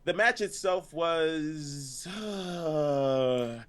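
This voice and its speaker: A man's voice: on the high side, slight background noise. A man co-hosting a casual wrestling review, laughing often and ranting at length. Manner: laughing, animated, drawn-out rants. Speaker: wrestling show co-host.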